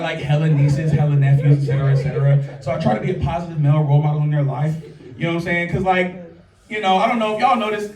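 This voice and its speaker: A high-pitched man from California delivering a stand-up set, animated and profane as he tells stories. He sounds a bit distant from the mic in a roomy space, with the audience laughing clearly. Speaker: stand-up comedian. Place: live show at a small local art venue.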